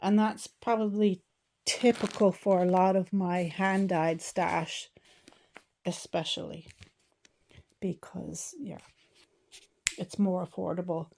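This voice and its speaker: A woman's voice: on the low side, little pitch movement, takes it slowly, creaky, long pauses, a little mellow. A woman hosting a knitting podcast, chatting casually as she shows and lists her yarns. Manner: chatty, listing items with small laughs. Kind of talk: casual show-and-tell vlog.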